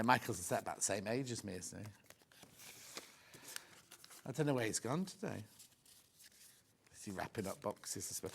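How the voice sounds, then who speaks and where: Man, fairly high voice, middle-aged, rambling chatty shopping-channel presenter. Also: creaky, fairly bright tone, slight background noise. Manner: chatty, rambling, joking asides. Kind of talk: live TV sales chat.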